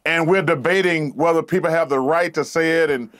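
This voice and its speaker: A man's voice: on the high side, steady tone, a little fast, fairly bright tone. A man, a talk-show guest speaking earnestly and repeating words as he searches for them. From Alabama. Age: 50s.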